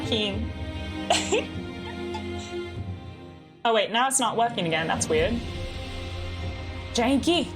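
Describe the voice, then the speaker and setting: A woman's voice: a little high, big pitch swings, takes it slowly, pauses often, over music. Giggly young American woman streamer. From United States. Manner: giggly, bubbly, peppers speech with "like". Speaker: game streamer. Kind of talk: casual chat with live stream viewers.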